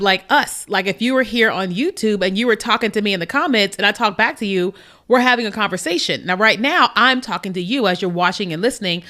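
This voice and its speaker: A woman's voice: mid-range voice, a bit bright. A woman hosting a faith podcast, talking casually to viewers and acting out little back-and-forth dialogues. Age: adult. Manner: conversational, repeats "you know what I mean", acts out little dialogues. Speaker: podcast host. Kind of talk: casual faith talk to camera.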